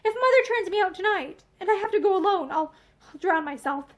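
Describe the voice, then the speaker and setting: A woman's voice: very high-pitched, animated, a little fast, pitched above the performer's own voice. A woman reading as a passionate, tearful young wife. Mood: miserable. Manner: stormy and pleading.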